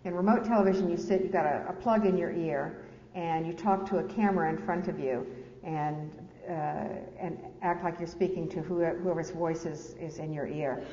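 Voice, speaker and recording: Woman author, low voice, self-deprecating memoir reading, echoey hall, dull lo-fi recording. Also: steady tone, moderate pace, warm tone. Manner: candid, self-deprecating, laughs with the audience. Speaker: author and speaker. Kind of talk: reading from her memoir with spoken asides. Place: large lecture hall. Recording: echoey hall, dull lo-fi sound, faint hiss.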